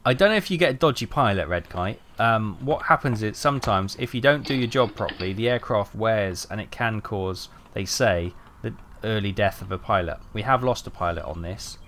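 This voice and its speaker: A man's voice: fairly low pitch, fairly bright tone, slight background noise. A British man giving chatty, rambling live commentary while streaming a game, with dry joking asides.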